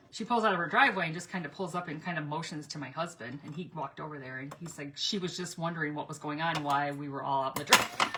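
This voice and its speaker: A woman's voice: deep voice, noisy background. A middle-aged woman rambling through stories in a casual craft vlog, chatty and laughing between asides.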